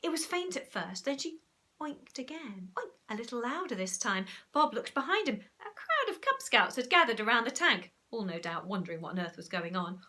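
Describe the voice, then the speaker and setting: A woman teacher, reading a storybook aloud in an animated, expressive way. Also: a little high, moderate pace.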